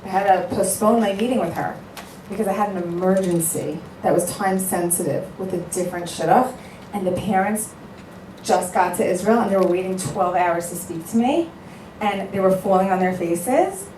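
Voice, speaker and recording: A woman matchmaker giving a heartfelt talk to an audience, telling stories and acting out both sides of conversations in an animated way. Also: mid-range voice. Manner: earnest, animated storytelling, acting out both sides of phone calls. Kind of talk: speech to an audience. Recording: echoey room, voice a bit far from the mic, faint background noise.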